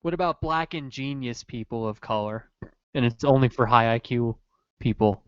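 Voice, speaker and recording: A podcast co-host chatting casually on a live stream, quick with playful jokes. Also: mid-range voice, clean tone, dry recording, lo-fi sound.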